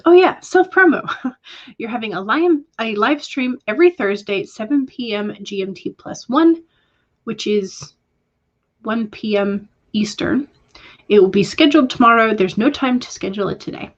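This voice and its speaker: A woman's voice: medium pitch, lively intonation, moderate pace, lo-fi sound. A woman hosting a casual writing livestream, reading viewer comments aloud and answering them, with hesitant fillers along the way. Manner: reads viewer comments aloud and responds warmly. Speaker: livestream host reading chat.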